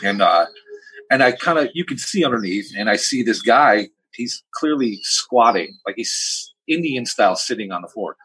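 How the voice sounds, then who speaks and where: A man who is a podcast guest, telling stories in a blunt, plain-spoken, animated way. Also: lowish voice, normal speed, slightly rough, low-quality recording. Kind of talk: casual podcast storytelling.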